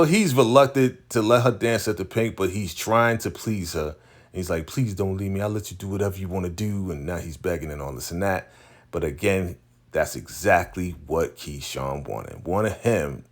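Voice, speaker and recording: A man recapping a TV episode in casual chat, retelling it in an animated way with slang and lots of fillers. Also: deep voice, moderate pace. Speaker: TV recap host.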